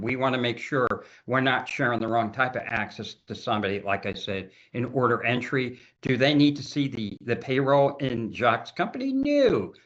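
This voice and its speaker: Emphatic man, dull lo-fi podcast audio. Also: medium pitch. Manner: animated, emphatic, often repeats words as he talks. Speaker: cybersecurity consultant guest. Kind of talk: casual podcast interview.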